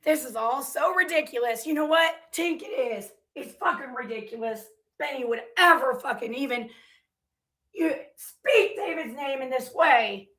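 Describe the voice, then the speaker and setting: High, bright-voiced woman ranting heatedly. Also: normal speed. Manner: heated, profane, confrontational ranting. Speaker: commentary vlogger. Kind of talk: reading and reacting to viewer comments.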